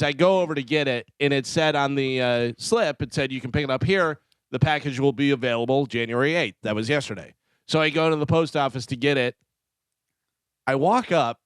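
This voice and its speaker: A man co-hosting a radio show, telling an animated story and acting out the people in it. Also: mid-range voice, brisk, smooth, no echo. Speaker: radio show co-host and news reader. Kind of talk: casual radio banter and storytelling. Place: radio studio. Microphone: studio microphone.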